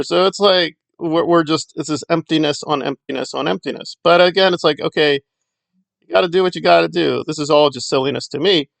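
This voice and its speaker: A man's voice: sits high, vocal fry, a bit bright, no room sound. A man hosting a casual solo commentary, talking in a sarcastic, dismissive way. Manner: sarcastic, dismissive, with mocking quoted voices. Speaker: commentary channel host.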